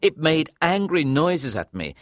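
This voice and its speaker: A man's voice: a little high, a little slow, no room sound. Man narrating a storybook, dry close sound. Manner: clear, lively storytelling. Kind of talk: scripted audiobook narration.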